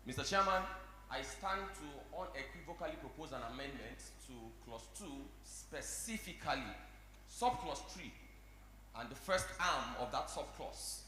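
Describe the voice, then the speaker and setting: A man's voice: fairly high pitch, expressive, normal speed, sharp tone. A man with a Nigerian accent giving a grandiloquent, declamatory speech proposing an amendment in a model assembly. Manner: grandiloquent, stacks formal phrases, declamatory. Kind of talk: formal parliamentary oratory. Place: large assembly chamber. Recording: very echoey hall, faint hum.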